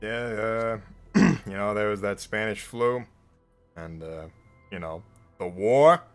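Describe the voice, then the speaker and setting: A man playing a tabletop role-playing game, joking and quick to laugh with the others. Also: fairly low pitch, clear, resonant tone, soft background music. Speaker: player. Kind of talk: tabletop role-play banter.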